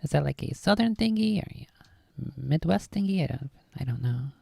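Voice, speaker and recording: Woman, streamer, from New York, husky, gravelly, musing, soft whispers, dry close mic. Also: deep voice, animated, moderate pace, no echo. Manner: thinks aloud, drops into soft whispers. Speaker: streamer reacting to a video. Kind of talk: casual musing commentary.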